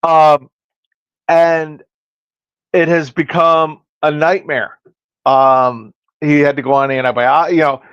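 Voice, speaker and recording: Man, podcast host, hairstylist, animated storytelling, slightly high pitch, dry dull recording. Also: takes it slowly, pauses often, smooth, dry recording. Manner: storytelling, acting out quoted dialogue. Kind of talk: casual podcast chat.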